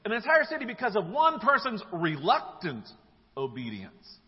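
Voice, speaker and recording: A man preaching a sermon, telling the story in a casual, animated way. His voice sits high and leaps around a lot. The live church recording sounds dull and rings with a long hall echo. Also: moderate pace, husky. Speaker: pastor. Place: church sanctuary.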